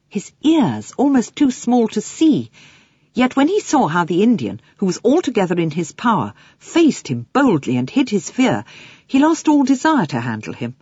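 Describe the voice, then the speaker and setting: Woman audiobook narrator, low voice, husky, dry, slightly muffled recording. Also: no echo. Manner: expressive storytelling with lively swings.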